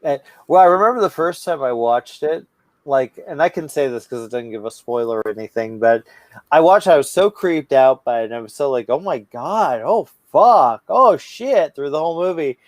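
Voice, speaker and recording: A man's voice: medium pitch, a little fast, no room sound. A man co-hosting a casual podcast chat, rambling and swearing a lot, stoned and stumbling over his words. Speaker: podcast co-host.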